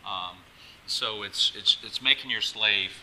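A man's voice: on the low side, takes it slowly, sharp tone, slight background noise, low-quality recording. A male pastor preaching a sermon, emphatic and exhorting, often restarting his phrases.

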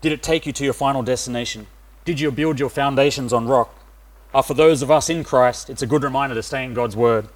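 A middle-aged man from Australia giving a sermon, pausing often with "uh" fillers. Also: mid-range voice. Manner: hesitant, many "uh" fillers. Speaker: preacher.

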